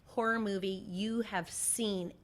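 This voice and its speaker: Woman from Southern California, interview guest, middle pitch, animated storyteller acting out quotes. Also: slow. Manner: animated storyteller, acts out her own quotes. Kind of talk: recounting a personal story.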